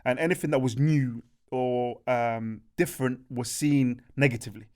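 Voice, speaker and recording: A young man, co-hosting a podcast and telling a story in an animated, chatty way, often checking in with his listeners. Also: mid-range voice, moderate pace. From Birmingham, England. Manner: animated, chatty, peppers speech with "bro" and "do you know what I mean". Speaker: podcast co-host.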